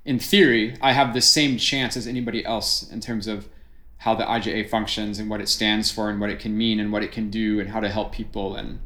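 A man's voice: lowish voice, level tone, a little fast, pushed and bright. Reflective middle-aged man, roomy echo. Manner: reflective, explains ideas at length. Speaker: juggler. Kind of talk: casual conversation.

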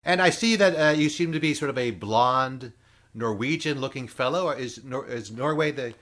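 A man's voice: mid-range voice, moderate pace, fairly bright tone. 50s guy interviewer, dry jokey questions. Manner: wry, joking questions. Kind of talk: casual interview.

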